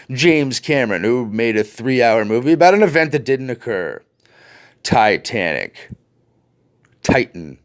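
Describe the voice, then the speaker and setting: An angry man rants to his viewers, swearing and sneering with heavy sarcasm. He talks at an unhurried, drawn-out pace. His pitch swings widely from low mutters to sharp, high jabs. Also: sing-song. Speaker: video host. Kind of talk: ranting commentary to viewers.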